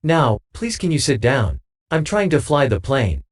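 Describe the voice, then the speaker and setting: A man's voice: mid-range voice, big pitch swings, a little slow, husky. A man voicing an unflappable male pilot in an audiobook, wry and matter-of-fact.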